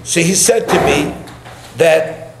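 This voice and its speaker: Animated middle-aged rabbi with a gravelly voice. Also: male voice, on the high side, slow pace. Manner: animated, acts out the dialogue. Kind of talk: sermon storytelling. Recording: echoey room, faint background hum.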